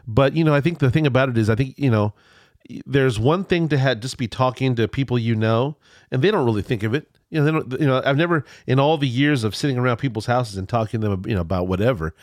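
A man's voice: mid-range voice, fast, no echo, studio quality. A man hosting a podcast in casual chat, sounding congested and nasal, rambling and restarting his sentences. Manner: rambling, repeats words, restarts often. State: congested, stuffy nose. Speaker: podcast host.

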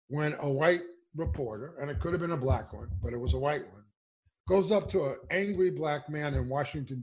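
A man giving impassioned political commentary, emphatic and indignant, firing off rhetorical questions. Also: on the high side. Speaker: political speaker.

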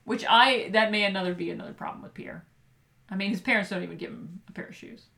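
A woman's voice: mid-range voice, quick pace, creaky, pushed and bright. A woman co-hosting a podcast, chatting animatedly about a children's picture book and laughing often. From Michigan. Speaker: podcast co-host.

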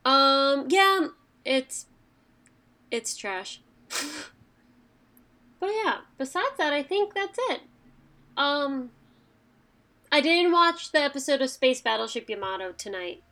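A woman's voice: high-pitched, animated, slow, pauses often, pushed and bright. A woman co-hosting a casual podcast, rambling and chatty with frequent fillers. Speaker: podcast co-host. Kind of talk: casual chat.

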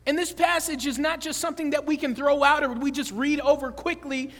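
A man preaches to his congregation in a strikingly high voice. He keeps it conversational, joking and asking them questions. His voice rings out with the long reverb of a large church sanctuary. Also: steady tone, fairly quick, fairly bright tone. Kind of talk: sermon.

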